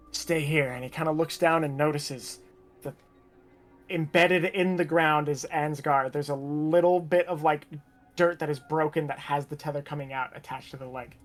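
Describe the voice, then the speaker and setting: Man, game master, slightly high voice, casual narration, relaxed swearing.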